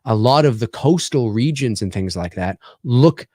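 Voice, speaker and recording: A man's voice: medium pitch, lively intonation, normal speed, dark tone, no echo, clean studio sound. A Canadian man in his forties, hosting a casual chat and rambling through stories with many restarts. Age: 40s. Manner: rambling, many restarts and "you know what I mean". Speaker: podcast host.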